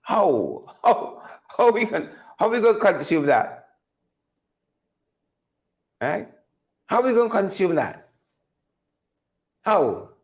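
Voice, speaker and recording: Emphatic high-voiced Guyanese man. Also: sing-song, takes it slowly, long pauses. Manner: emphatic, repetitive, rhetorical questions; reads out viewer names. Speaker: host. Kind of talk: political commentary show.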